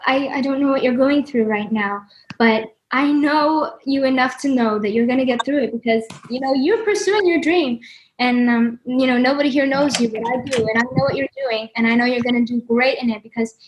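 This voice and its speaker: High-pitched woman musician gushing on a zoom call, emotional, casual chat. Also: moderate pace, lo-fi sound, slight background noise. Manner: effusive and gushing, often emotional. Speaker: musician guest. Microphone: video call.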